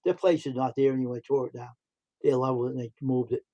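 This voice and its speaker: A man's voice: mid-range voice, steady tone, fast, mellow, lo-fi sound. A middle-aged man hosting a livestream, telling rambling stories and repeating himself. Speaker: livestream host. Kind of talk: casual storytelling.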